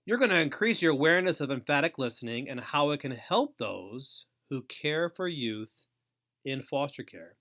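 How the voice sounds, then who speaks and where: A middle-aged man hosting a training webinar, speaking in a deliberate, emphatic way with frequent pauses. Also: mid-range voice, expressive, pushed and bright. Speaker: host and trainer.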